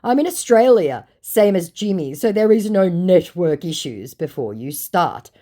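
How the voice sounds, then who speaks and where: A woman voicing a pushy, clumsy young male online scammer in a high, exaggerated mocking imitation. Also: lively intonation, measured pace, warm tone. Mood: defensive.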